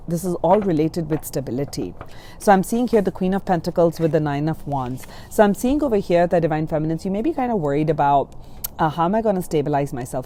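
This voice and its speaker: A woman giving a gentle spiritual tarot reading, soothing and reassuring, often checking in with the listener. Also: low-pitched, a little hiss or hum. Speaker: tarot reader.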